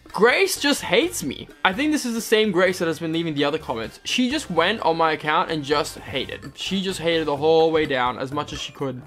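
A young equestrian vlogger speaks fairly quickly with few pauses, his voice a little high and a bit bright, with a British-American accent. Over soft background music, he casually reads comments aloud and answers them with wry, self-deprecating sarcasm.

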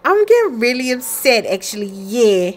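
A woman's voice: fairly high pitch, very animated, moderate pace. A woman casually commenting on her life-sim game, chatty and playful, talking to her characters. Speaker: let's play streamer.

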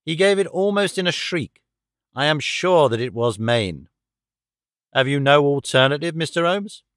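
A man's voice: fairly high pitch, expressive, moderate pace, fairly bright tone, no room sound. Brief: male reader playing a skeptical middle-aged inspector, slightly raised voice, dry booth sound. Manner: skeptical and probing. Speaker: police inspector. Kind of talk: audiobook character reading.

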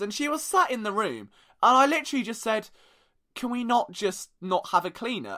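A young man hosting a sports podcast, telling stories in a sarcastic, joking way. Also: high-pitched. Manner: animated, sarcastic storytelling. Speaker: podcast host. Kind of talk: casual sports podcast monologue.

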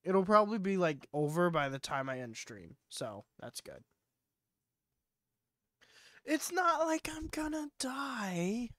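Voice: mid-range voice, very animated, slow pace, long pauses, a bit bright, no echo, studio quality. A streamer with a stuffy, sniffly nose, chatting playfully with viewers during a casual live gaming stream. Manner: chatty, playful, talks to chat.

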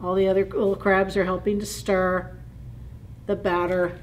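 A woman librarian reading a picture book aloud at children's story time, gently asking listeners questions. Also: mid-range voice, level tone, a little hiss or hum. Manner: slow, deliberate reading.

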